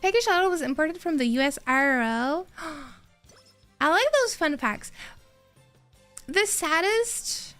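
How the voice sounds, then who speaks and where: High-voiced, unhurried woman streamer. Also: no echo, soft background music. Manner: rambling and excitable, answers chat. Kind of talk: casual live-stream chat while gaming.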